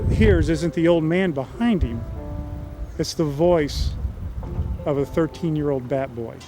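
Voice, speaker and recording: A man's voice: fairly high pitch, poor audio. Earnest man telling a story over music. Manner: folksy, earnest storyteller quoting characters plainly. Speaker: screenwriter telling his story. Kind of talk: storytelling synopsis.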